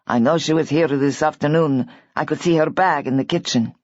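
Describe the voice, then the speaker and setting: A woman voicing a charming, handsome young man in an audiobook, speaking smoothly and reassuringly. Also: fairly high pitch, moderate pace, no echo, close to an everyday voice. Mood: soothing. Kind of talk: audiobook character voice. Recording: dull, lo-fi audiobook recording.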